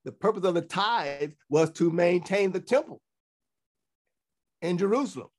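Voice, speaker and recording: A man with a somewhat high voice delivers a sermon. He reads scripture aloud and then explains it in plain teaching talk. He often restarts his phrases and checks in with his listeners. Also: expressive, normal speed. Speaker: teacher of a congregation.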